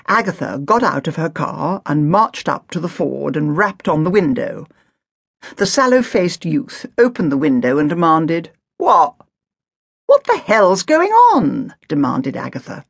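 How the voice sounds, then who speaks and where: A woman reads a novel aloud in crisp, expressive storytelling, her pitch moving with a lively lilt. The tone is gravelly and a little husky, and the recording is dry and close with no room sound. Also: no echo. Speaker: audiobook narrator. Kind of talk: scripted narration.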